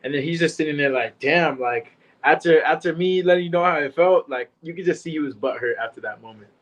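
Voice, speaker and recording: A man's voice: fairly high pitch, fairly quick. Slangy young man chatting casually. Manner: relaxed slangy banter, quotes people with laughs. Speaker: recap show co-host. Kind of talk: casual chat.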